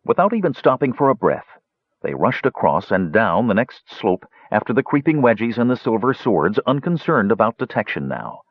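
A man in scripted audiobook narration, telling a fantasy story with animated delivery. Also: on the low side, normal speed, breathy edge, no room sound. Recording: dull, dry lo-fi recording.

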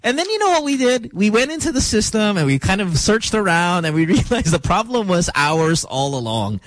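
A man hosting a morning radio show in a studio, talking casually in an animated, joking, playfully dramatic way. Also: high voice, normal speed, no room sound. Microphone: studio microphone.

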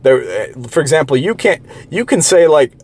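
Man, slightly high voice, profane rant, derisive, rambling, lots of restarts. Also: very animated, normal speed, husky. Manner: rambling, with many restarts and filler words; heated, derisive. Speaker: online commentator. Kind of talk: profane ranting monologue.

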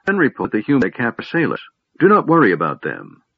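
A man reads as a grim elven leader, formal and stern. The voice is husky and lively in pitch, and the recording is dry and slightly dull. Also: brisk, no room sound, exaggerated voice.

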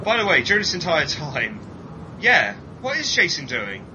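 A man co-hosting a podcast, animated and jokey, chatting about a TV episode and mimicking people in silly voices. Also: moderate pace. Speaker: podcast co-host. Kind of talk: casual chat reviewing a TV episode. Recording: muffled sound with clear vehicle rumble.

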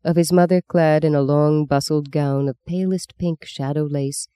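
Smooth-voiced male audiobook narrator. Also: on the high side, steady tone, normal speed, warm tone, dry recording, clean studio sound.

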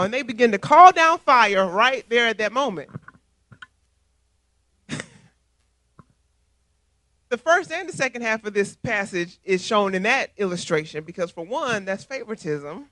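A man preaches a sermon, reading scripture and telling stories in an emphatic, conversational way. His voice sits high for a man. The sound is close and dry. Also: measured pace, long pauses, no echo. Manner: emphatic, conversational, animated storytelling. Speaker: church elder preaching.

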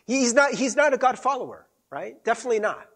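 A man's voice: very high voice, expressive, quick pace, fairly bright tone. A man preaching a sermon, telling a story with lots of energy, frequent restarts and a repeated "right?". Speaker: pastor.

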